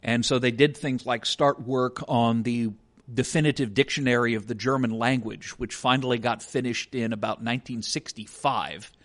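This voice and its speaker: A man at an ordinary middle pitch, co-hosting a podcast. He talks in a casual educational way, laying out one example after another in turn. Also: steady tone, moderate pace. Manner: explanatory, walks through examples step by step. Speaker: podcast co-host.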